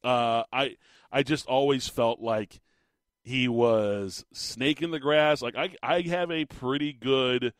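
A man's voice: mid-range voice, slow pace, dry recording. Guy running a sports radio show, chatty, lots of um and uh, dead dry studio mic. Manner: conversational, opinionated, frequent fillers. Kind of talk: sports talk radio monologue. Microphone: studio microphone.

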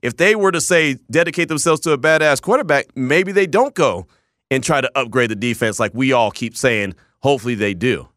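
A man hosting a sports talk radio show, emphatic and animated, often repeating words as he argues. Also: medium pitch, a little fast, dry recording, clean studio sound.

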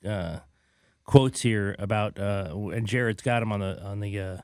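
A man hosting a casual sports talk show, joking and energetic, sometimes trailing off into fillers. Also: fairly low pitch, normal speed, no room sound, studio quality.

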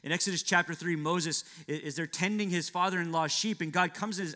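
A man's voice: high-pitched, fairly quick, hardly any pauses, bright, forceful tone. A man preaching a sermon, acting out biblical dialogue with dramatic shifts and asking rhetorical questions.

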